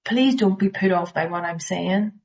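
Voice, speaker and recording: A woman with a Northern Irish accent leading a recovery study group, speaking slowly and emphatically, sometimes dropping to a near-whisper. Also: fairly low pitch, creaky, a little mellow, muffled recording. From Northern Ireland. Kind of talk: earnest study-group talk.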